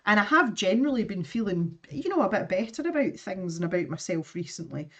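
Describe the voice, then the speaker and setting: A Scottish woman chatting easily on her art live stream as she draws. She laughs a lot and greets viewers as they arrive, and her voice sits at an ordinary middle pitch. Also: sing-song, fairly quick, highs cut off. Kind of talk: casual chat while drawing on a live stream.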